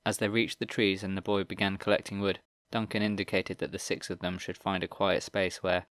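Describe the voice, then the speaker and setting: A man narrating a middle-grade fantasy audiobook in a steady, even storytelling manner. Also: low voice, a little fast, no room sound, clean studio sound. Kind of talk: scripted narration.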